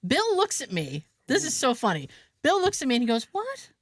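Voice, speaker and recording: Animated woman telling a lively story. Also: normal speed, dry recording. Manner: animated, acts out quotes with big pitch jumps, laughs often. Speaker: podcast co-host. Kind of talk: casual storytelling chat.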